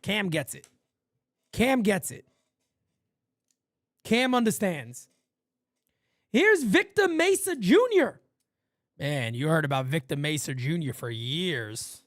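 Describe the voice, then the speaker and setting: A man from New York hosting a live fan play-by-play stream, blunt and profane, swinging from loud calls to low asides. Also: very animated, slow, long pauses, dry recording, studio quality. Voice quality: profane, blunt street talk.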